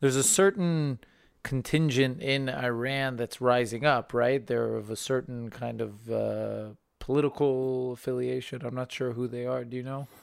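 A man interviewing a guest in casual conversation, asking halting questions with many restarts and small backchannel replies. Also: medium pitch, fairly even intonation, gravelly, clear, resonant tone.

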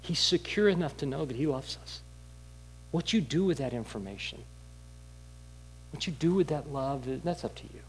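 A man preaching a sermon in a candid, conversational storytelling way, with halting restarts. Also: fairly high pitch, animated, slight background noise, rough recording. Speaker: pastor.

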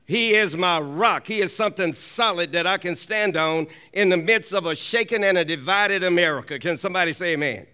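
A man preaches with a high, ringing voice that stays smooth and clear. He works the congregation with call-and-response, pressing for an amen. He drives his points home by saying them twice. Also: brisk, hardly any pauses, sharp tone. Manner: repeats key lines for emphasis. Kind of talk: sermon.

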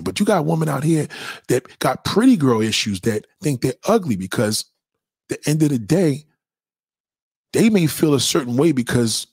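Brief: young adult male streamer, husky, animated pitch, heated profane slang rant, dry close sound. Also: dry recording. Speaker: livestream host answering chat. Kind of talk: casual livestream rant.

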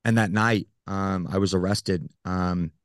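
A man with a very low, deep voice tells his own story as a podcast guest. He speaks earnestly and haltingly, often pausing on fillers. The sound is dry and close, with no room around it. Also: steady tone, no room sound. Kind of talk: personal storytelling in an interview.

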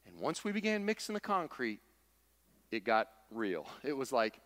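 Bright-voiced man preaching in a hall. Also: medium pitch, huge pitch swings, moderate pace. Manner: emphatic, repetitive, folksy humor. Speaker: pastor. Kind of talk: sermon.

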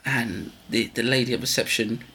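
A man's voice: mid-range voice, moderate pace, gravelly, bright, forceful tone, slight background noise. A man co-hosting a podcast, talking in rambling, self-interrupting casual chat. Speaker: podcast co-host.

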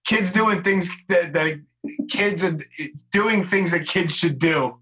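Podcast host: bright-voiced man, a bit high, eager and agreeable. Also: poor audio. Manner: eager, agreeable, quick affirmations. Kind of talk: casual interview.

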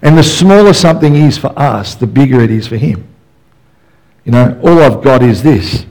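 A man's voice: medium pitch, lively intonation, moderate pace, gravelly, mellow, rough recording. Casual man preaching a sermon. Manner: casual, joking storyteller with many "you know" fillers. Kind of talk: conversational sermon.

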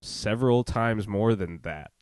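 A man's voice: on the low side, unhurried, a little mellow, no echo, studio quality. A man who co-hosts a podcast and makes music, talking in a laid-back, wry way. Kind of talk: casual comedic podcast chat.

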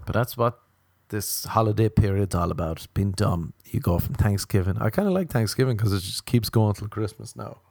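An Irish man rambles through a comic monologue, poking fun at himself along the way. His voice sits low with a gravelly fry. The sound is close and dry. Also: animated, normal speed, darkish tone, no echo. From Ireland. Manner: self-mocking, wandering asides. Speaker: comedian.

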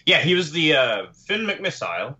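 A man's voice: on the high side, very animated, normal speed, pushed and bright, lo-fi sound. A man rambling through a casual movie review, slipping in and out of joking accents. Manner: rambling, slips into mock accents. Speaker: podcast co-host.

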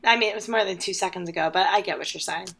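A woman's voice: fairly low pitch, rapid-fire, gravelly, a crowd in the background. A woman co-hosting a podcast, blunt and chatty in crude casual banter, filling her talk with "like". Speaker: podcast co-host.

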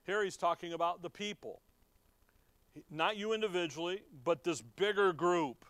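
Middle-aged guy teaching scripture, talks it through casual-like, bit of a higher voice, dry sound. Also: moderate pace, a bit bright, no room sound. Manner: conversational, reads scripture aloud, asks the listeners questions. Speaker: preacher. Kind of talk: Bible teaching sermon.

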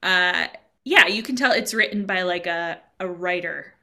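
A woman's voice: fairly low pitch, measured pace, gravelly, pushed and bright. A woman co-hosting a podcast in casual chat, talking freely and quoting her own thoughts aloud. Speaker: podcast co-host.

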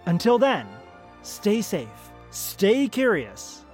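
A man hosting a podcast, reading a scripted outro and then asking a guest a question in a lively way. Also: high-pitched, very slow, faint music behind. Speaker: podcast host.

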